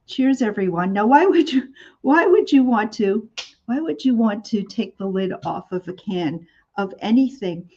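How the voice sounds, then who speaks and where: A woman's voice: mid-range voice, lively intonation, moderate pace, warm tone, dull audio. A woman hosting a live shopping show, chatting in a rambling way with many fillers.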